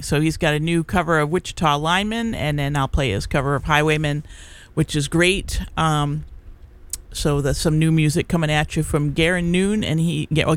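Middle-aged college radio dj, rambly, lots of uhs and ums, studio mic. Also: mid-range voice. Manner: rambling, chatty, many fillers and restarts. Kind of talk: casual on-air chat between songs.

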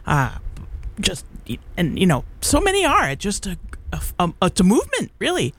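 This middle-aged DJ's medium-pitched voice swoops wildly up and down during casual live chat on community radio. Speaking from the studio, they ramble, keep restarting sentences, lean on "uh" and "um," and laugh readily.

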